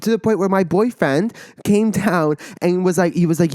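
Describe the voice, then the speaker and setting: A man's voice: high voice, darkish tone, no room sound, studio quality. A young man hosting a podcast, telling an emotional story in a swearing, indignant rant full of "like" fillers. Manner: swears a lot, fast-rising indignant outbursts, many "like" fillers. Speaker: podcast host.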